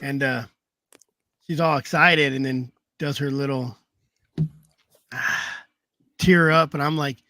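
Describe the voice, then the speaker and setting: A man's voice: mid-range voice, steady tone, takes it slowly, long pauses, bright, forceful tone, no echo, clean studio sound. A man telling rambling hunting stories in a casual chat, laughing through his anecdotes over a video call. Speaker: hound hunter telling stories.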